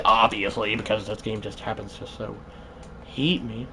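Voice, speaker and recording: A streamer giving live commentary on a baseball video game, quickly frustrated, talking back to the game and bursting into shouts. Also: mid-range voice, steady tone, a little hiss or hum.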